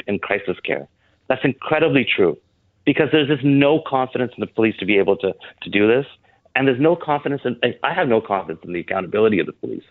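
Man, guest on a call-in, low voice, earnest and halting, tinny phone line. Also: no room sound. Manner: halting, earnest, many restarts. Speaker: guest, board member of an advocacy group. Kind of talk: phone-in interview.

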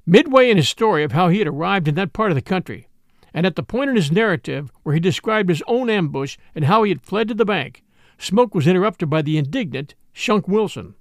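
Expressive male audiobook narrator. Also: high voice, fairly quick, no room sound, studio quality. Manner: expressive storytelling.

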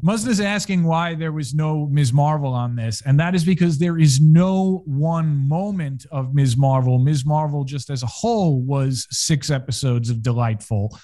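A man's voice: a little high, normal speed, hardly any pauses, mellow. A man hosting a casual podcast chat, talking unhurriedly with plenty of fillers and little chuckles. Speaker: podcast host.

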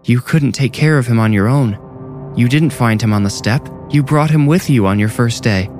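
A man's voice: medium pitch, moderate pace, a little mellow, voice pushed up, natural voice. A middle-aged headmistress, pleading and urgent but tender, played by a man in a raised voice. It is a horror story narration with faint music behind.

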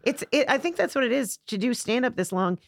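A woman's voice: on the high side, lively intonation, fast talker, creaky, dry recording. Earnest middle-aged woman, dry close sound. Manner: earnest, reflective, talks of her craft. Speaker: comedian, guest. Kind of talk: casual chat.

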